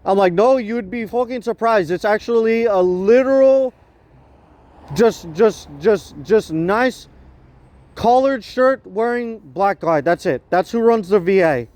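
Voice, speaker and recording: A man's voice: sits high, unhurried, darkish tone. A man vlogging in a rambling, profane rant, stumbling over his words and repeating himself. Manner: repetitive, stumbling, swears heavily, ranting.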